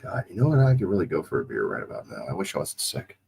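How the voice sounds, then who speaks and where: A man's voice: rumbling low, wildly swooping pitch, quick pace, gravelly, background noise. Casual man calling plays with slight drawl. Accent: slight Southwest Ohio drawl. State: recovering from a cold. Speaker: streamer doing watch-along play-by-play. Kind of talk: casual play-by-play commentary and chat.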